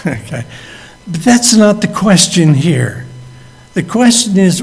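A man's voice: on the high side, sing-song, unhurried, creaky, long pauses, soft background music. A man preaching a sermon, acting out the figures in the story as he tells it. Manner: acts out the quoted speakers as he tells the story. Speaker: pastor. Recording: long hall reverb.

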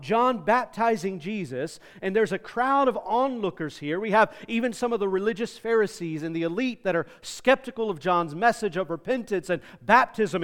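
A man's voice: high voice, a bit bright. A man in his forties preaching a sermon in an earnest, conversational way, often repeating words as he goes. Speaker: pastor. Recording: long reverb of a large hall.

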